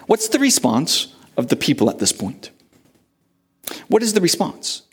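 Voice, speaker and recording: A man preaching a sermon as pastor, asking rhetorical questions with big rises and drops in pitch and slowing down to read scripture. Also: wildly swooping pitch, husky.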